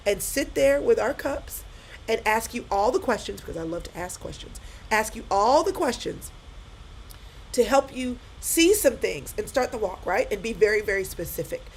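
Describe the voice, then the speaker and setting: A woman's voice: a little high, animated, normal speed, slight background noise, low-quality recording. A middle-aged woman giving a live-stream pep talk to viewers, repeating her points with emphasis and speaking straight to them.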